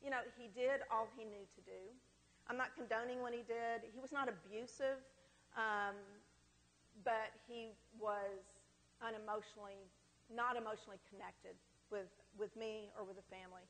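A woman's voice: on the high side, steady tone, moderate pace, fairly bright tone. A middle-aged woman giving a candid, conversational personal testimony to a church group, with self-deprecating humor. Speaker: speaker at a women's church gathering. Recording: long hall reverb.

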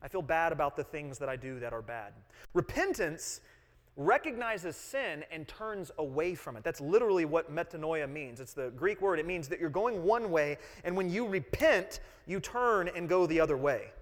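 A man's voice: a little high, lively intonation, moderate pace. A man in his thirties preaching a sermon, earnest, explaining and repeating key phrases and putting questions to the congregation. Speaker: pastor. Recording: long hall reverb.

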